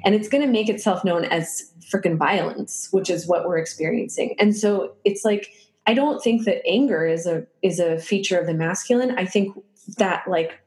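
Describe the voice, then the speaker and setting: Her voice sits fairly low with a darkish tone, moving at a normal speed. This thirty-something woman chats casually as a podcast guest, rambling with plenty of fillers and frequent laughter, and the home room she's in gives the audio a roomy echo.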